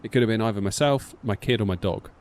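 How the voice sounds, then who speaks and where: A man's voice: lowish voice, fast, darkish tone, soft background music. A British man in his thirties chatting casually to a live-stream audience, rambling with lots of filler like "sort of". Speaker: flight sim streamer.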